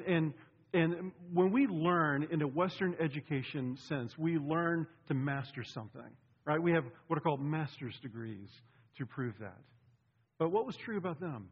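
A middle-aged male pastor delivers a sermon in a relaxed, conversational way and often turns to the congregation with asides. His voice sits a bit high and sounds husky and a little breathy. The recording is dull and lo-fi, with a long reverb from the church hall. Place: church sanctuary.

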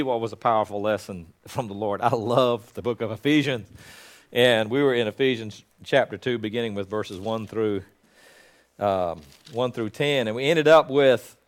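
A male pastor preaching a sermon in an earnest, conversational way that swells into loud proclamation. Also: medium pitch.

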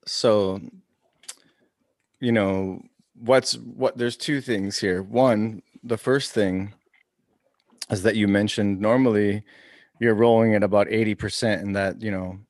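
A man's voice: lowish voice, steady tone, takes it slowly, long pauses, darkish tone, no echo. A man co-hosting a podcast in casual chat, answering with dry, teasing sarcasm. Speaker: podcast co-host.

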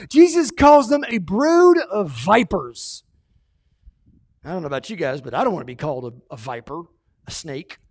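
A man preaching a sermon as pastor, animated, swinging between loud emphatic lines and quiet asides. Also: high-pitched, dry recording, studio quality.

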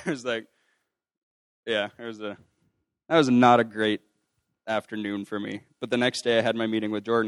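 Fairly low and steady, his clear, resonant voice moves at a moderate pace with long pauses in a dry recording. He's a young ministry student sharing his testimony, wandering through it with fillers, restarts, and acted-out quotes from others.

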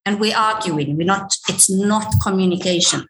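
A woman speaks as a guest consultant in a relaxed interview, her voice sitting at a middle pitch. She talks in a measured way, sometimes repeating a word while she finds the next thought. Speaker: workplace and career consultant guest. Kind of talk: conversational interview answers.

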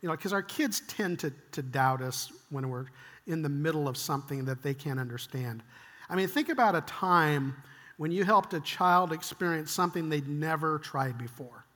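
An older male pastor delivers a sermon in a high, bright voice. He talks conversationally and acts out quoted lines, sometimes dropping to a hushed whisper. The sound carries the long reverb of a church hall. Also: animated, normal speed.

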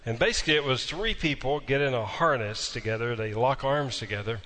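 A male pastor delivers a sermon, telling a story with dry, folksy humor and hammering his points home through emphatic repetition. His mid-range voice is brisk, bright and forceful. A large sanctuary gives it a long reverb.

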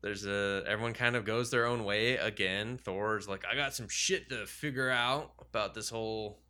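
A man in casual banter about superhero movies, joking and rambling, acting out characters in quick asides. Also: lowish voice, steady tone, bright, forceful tone.

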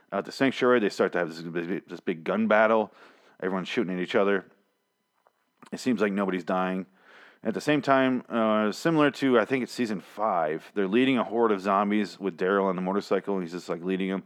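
Low-voiced guy rambling thru an episode recap, sarcastic, swears a lot. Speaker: podcast host reviewing a TV episode. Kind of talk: casual spoken recap.

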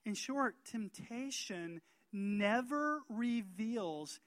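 A middle-aged man preaching a sermon as pastor, emphatic and rising to loud calls for amen. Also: high-pitched, expressive, very slow, no echo.

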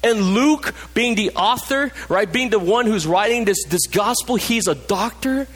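A man delivers a passionate sermon in a church, his voice sitting on the higher side for a man. He sinks low and quiet to stress key points. A long hall reverb trails each phrase. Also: expressive, a little slow. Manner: passionate, drops low and soft for emphasis. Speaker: pastor.

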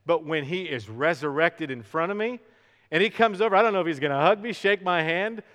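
Middle-aged male pastor, dramatic sermon delivery, slow emphatic stresses, bit higher than usual. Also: animated. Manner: dramatic swings from hushed to loud with slow emphatic words. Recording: long hall reverb.

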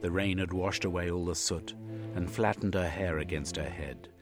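Brief: deep-voiced male audiobook narrator, unhurried, lively pitch, faint music underneath. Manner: measured, expressive storytelling. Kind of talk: audiobook reading.

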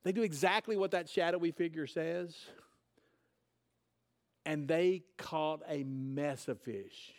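A man's voice: a little high, slow, pauses often. A man preaching a sermon, retelling a scripture story in casual, conversational words. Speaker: pastor.

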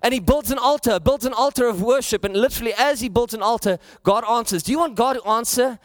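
A South African pastor delivering a sermon in a notably high voice for a man, building his points with repetition and rising emphasis. The sound is dry and close, with almost no room echo. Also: quick pace. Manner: preaching with rising emphasis and repeated phrases.

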